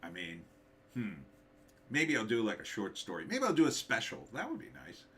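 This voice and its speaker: A middle-aged man, slightly hoarse, hosting a casual livestream, thinking aloud and reading out viewer comments with hums and fillers. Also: lowish voice, wildly swooping pitch, normal speed, a bit bright. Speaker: livestream host, author.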